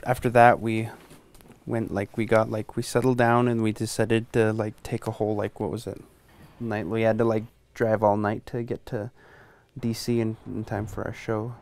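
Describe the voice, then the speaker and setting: A young man in a touring band speaking hesitantly in a confessional interview, filling pauses with "like". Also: lowish voice, little pitch movement, a little mellow. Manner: hesitant, full of "like", guilty.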